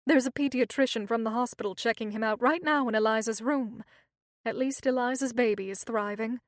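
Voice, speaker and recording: A woman voicing an older woman nurse who is emotional and quick to wail in distress, in an audiobook. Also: fairly high pitch, no echo, studio quality, natural voice. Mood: friendly. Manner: emotional, wailing.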